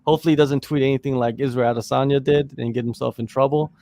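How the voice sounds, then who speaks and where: A man's voice: mid-range voice, fairly even intonation, quick pace, mellow, no room sound. A man co-hosting a podcast in casual chat, teasing and talkative, with lots of "you know". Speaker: podcast co-host.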